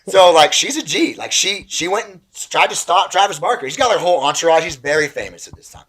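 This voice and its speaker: Animated man telling a story. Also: a little high, fast, hardly any pauses. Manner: animated, excitable storyteller who acts out voices. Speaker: pastor and podcast guest. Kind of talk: casual storytelling.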